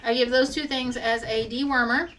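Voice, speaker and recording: Woman goat farmer, casual rambling vlog voice, slightly high, barn noise and chickens behind. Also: steady tone, moderate pace. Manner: chatty, rambling explanations. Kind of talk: casual how-to farm vlog. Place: barn feed room. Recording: farm noise with clucking chickens.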